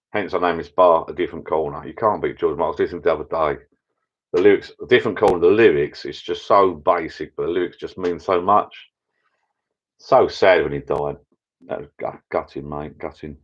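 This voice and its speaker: A middle-aged man hosting a casual live chat with viewers from his backyard pub shed, rambling and getting easily excited. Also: low-pitched. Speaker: channel host. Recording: dull lo-fi sound.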